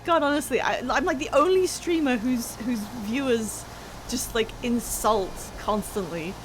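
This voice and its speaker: A woman streamer chatting casually and excitably while she plays, laughing at herself. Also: a little high, unhurried, a little hiss or hum. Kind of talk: casual live-stream chat while gaming.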